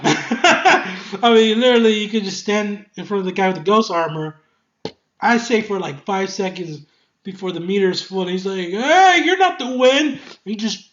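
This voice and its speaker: An excitable game reviewer talking casually, swearing often, laughing a lot and rambling with many fillers and restarts. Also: medium pitch, highs cut off.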